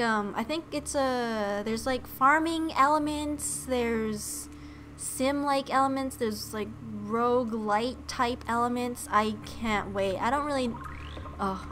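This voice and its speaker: Excitable high-voiced woman gushing over a game. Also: measured pace, a little hiss or hum. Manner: gushing, excitable, cutesy baby talk. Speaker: game streamer. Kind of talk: let's-play commentary. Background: faint game music.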